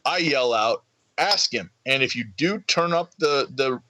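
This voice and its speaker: Excitable man telling a story. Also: mid-range voice, moderate pace, no echo, poor audio. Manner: excitable storyteller, acts out crowd voices. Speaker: podcast co-host. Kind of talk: casual chat.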